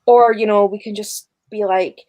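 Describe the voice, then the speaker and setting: A woman's voice: mid-range voice, steady tone, moderate pace, a little mellow. A woman chatting casually with friends about books, telling stories and laughing often. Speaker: book club guest. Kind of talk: casual chat among friends.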